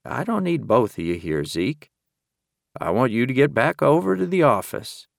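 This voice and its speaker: A man doing a gruff, bossy female sheriff. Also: on the high side, sing-song, a little slow, fairly bright tone, no room sound, studio quality, pitched above the performer's own voice. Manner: growling, bossy, impatient. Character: brusque middle-aged female sheriff, gruff and impatient.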